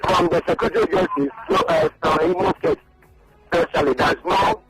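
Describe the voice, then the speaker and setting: A man's voice: a little high, huge pitch swings, a little fast, gravelly, over music, rough recording. A man, a journalist guest on a radio interview, making his points emphatically and repeating them. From Nigeria.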